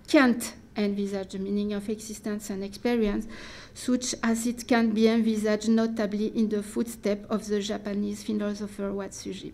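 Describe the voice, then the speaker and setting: An academic speaker, a woman with a warm, medium-pitched voice, reads out a dense talk. She proceeds deliberately and carefully, pausing in hesitation and starting sentences over.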